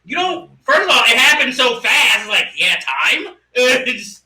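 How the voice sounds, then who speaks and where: A man co-hosting a casual movie discussion podcast, animated and laughing often as he acts out lines. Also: very high-pitched, measured pace, reverberant, distant mic, rough recording. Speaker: podcast co-host.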